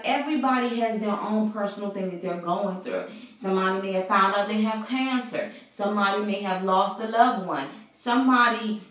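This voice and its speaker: A woman's voice: mid-range voice, recorded from a distance. A woman vlogger giving an earnest, preachy faith talk to her viewers, casual and full of fillers. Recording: very echoey room, voice away from mic.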